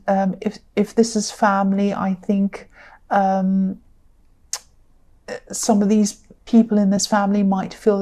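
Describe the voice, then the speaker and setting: Woman, tarot reader, mid-pitched mellow voice, earnest and rambling, reassuring, lots of fillers. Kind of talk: tarot reading monologue.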